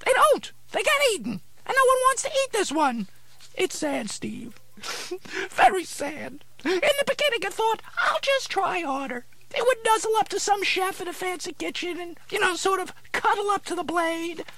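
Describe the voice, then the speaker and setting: A man voicing a cranky male dummy who plays a vegetable therapist, gruff, impatient and sarcastic. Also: extremely high pitch, sing-song, moderate pace, bright, forceful tone, no echo, pitched above the performer's own voice, exaggerated voice. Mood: deadpan. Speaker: ventriloquist's dummy. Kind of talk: ventriloquist comedy routine.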